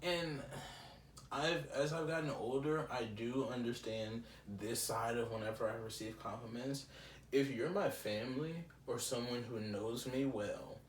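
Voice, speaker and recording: A man's voice: medium pitch, a little slow. Rambling young man in a roomy space. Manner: rambling, filler-heavy, self-reflective. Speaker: podcast host. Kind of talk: casual solo podcast talk. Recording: roomy, slightly distant mic with faint ambient noise.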